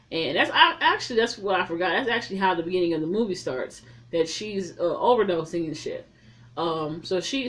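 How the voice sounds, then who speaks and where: A woman recapping a movie in a casual, blunt and profane way, telling it as a lively story. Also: lowish voice. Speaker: movie reviewer.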